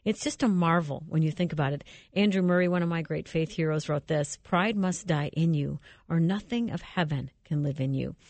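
A woman's voice: deep voice, moderate pace, few pauses, darkish tone, no echo. Earnest woman hosting a faith show. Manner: earnest, reflective. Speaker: host. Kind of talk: devotional talk show.

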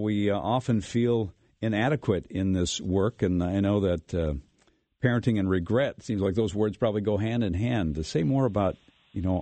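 A man with a very low, mellow voice hosts a radio interview. He asks his questions in a measured way and pauses with fillers. The sound is dry and close, with no room around it. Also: no echo. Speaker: radio host.

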